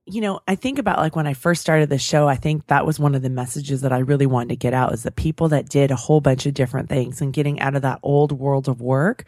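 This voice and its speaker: A woman hosts a podcast interview, thinking out loud and encouraging her guest. Her voice is low for a woman. The recording is close and dry. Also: fast talker, hardly any pauses, dry recording. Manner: reflective, encouraging, frequent affirming murmurs. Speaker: podcast host. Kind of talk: casual interview chat.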